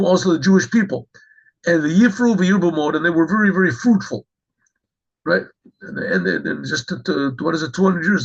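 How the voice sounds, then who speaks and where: Gravelly rabbi teaching, clears his throat. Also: high-pitched, sharp tone, lo-fi sound. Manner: reads Hebrew phrases then translates, frequent throat clearing. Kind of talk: Torah class explaining a text.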